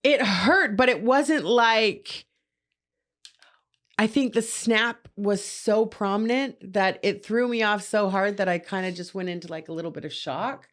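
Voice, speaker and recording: A woman's voice: mid-range voice, measured pace. A young woman co-hosting a podcast, telling stories in casual, profane chat and laughing often. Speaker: podcast co-host.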